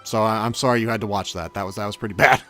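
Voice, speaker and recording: A man's voice: on the low side, fairly even intonation, rapid-fire, a bit bright, soft background music. A man giving casual gameplay commentary as a channel host, chatty and self-mocking with grumbling asides.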